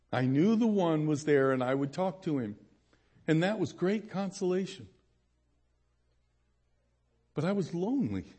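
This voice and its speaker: A man preaches in a story-telling way, his voice swinging widely up and down as he acts out the people in his tale. The tone is a little husky, and he sits somewhat high for a man. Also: a little mellow. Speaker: pastor. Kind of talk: sermon testimony.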